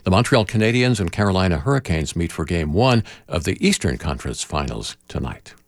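A man's voice: sits low, very animated, brisk, dry recording, studio quality. A man hosting local radio, reading news and sports briefs.

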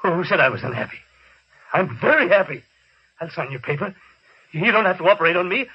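Anxious, husky man, lively voice, dull vintage radio. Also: high-pitched, fairly quick, exaggerated voice. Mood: alarmed. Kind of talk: 1950s radio drama acting.

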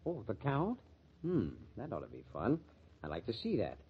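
An actor playing a sarcastic, tough-talking club owner in a 1940s radio drama. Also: male voice, mid-range voice, wildly swooping pitch, normal speed, slightly rough, exaggerated voice. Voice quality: sneering, tough-guy slang. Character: gruff, sarcastic male club owner, middle-aged, bitter. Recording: muffled old radio recording.

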